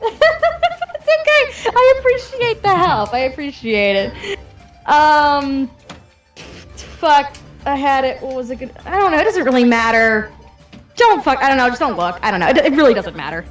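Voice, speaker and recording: A woman with a high, lively voice chats casually during a tabletop game. She hesitates, repeats herself and searches for words, laughing along the way. Her voice sounds roomy and echoing, with faint music in the background. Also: normal speed. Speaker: player.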